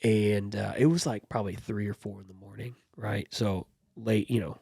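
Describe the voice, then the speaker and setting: A man's voice: lowish voice, fairly even intonation, moderate pace, gravelly, warm tone, husky, no room sound. A man co-hosting a podcast, telling a story in casual chat with lots of fillers and restarts, close to his mic. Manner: rambling, full of fillers and restarts. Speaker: podcast co-host.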